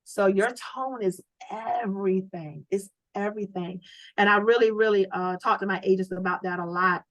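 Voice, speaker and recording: A woman running a sales training on a video call, coaching with lively, preachy energy and lots of rhetorical questions. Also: mid-range voice, moderate pace, no echo, low-quality recording. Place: home office.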